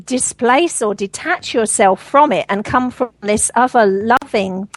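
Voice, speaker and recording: A woman's voice: on the high side, measured pace, no room sound, poor audio. Earnest rambling woman, dry close sound. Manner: earnest, rambling, laughs often. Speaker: guest. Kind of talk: spiritual interview talk. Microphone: radio show line.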